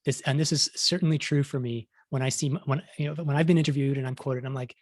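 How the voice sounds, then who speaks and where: A man's voice: fairly high pitch, fast, few pauses, darkish tone, no room sound, clean studio sound. A middle-aged man, a science journalist, giving a conversational talk with many restarts, acting out quotes along the way. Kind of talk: conference talk.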